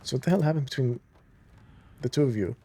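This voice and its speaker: A man's voice: mid-range voice, fast talker, mellow, breathy edge. A man casually commenting on a video game he plays, reading in-game documents aloud between enthusiastic fan remarks. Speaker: gamer playing through a story game. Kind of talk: casual let's-play commentary.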